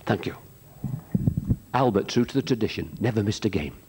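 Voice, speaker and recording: A man telling rambling stand-up jokes on a theatre stage, pausing with ums and jumping into shouted character voices. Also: slight background noise. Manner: rambling, hesitant, full of ums between jokes; jumps into high shouted character voices for punchlines. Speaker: stand-up comic at a charity show.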